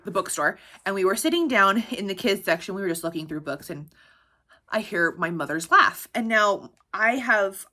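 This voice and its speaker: Laughing frequently, a cheerful thirtysomething woman talks informally about picture books she loves. She has a mid-range voice with a sharp tone.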